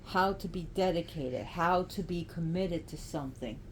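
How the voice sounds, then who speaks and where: A woman casually explaining oracle cards and ritual practice in a spiritual vlog, speaking in a halting way with frequent restarts. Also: lowish voice, slight background noise.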